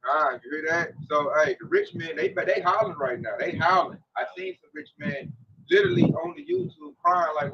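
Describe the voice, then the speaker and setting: Bright, high-voiced man, slangy and emphatic. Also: huge pitch swings, brisk, creaky, distant mic, lo-fi sound, a little hiss or hum. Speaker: religious discussion leader. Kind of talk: casual religious commentary.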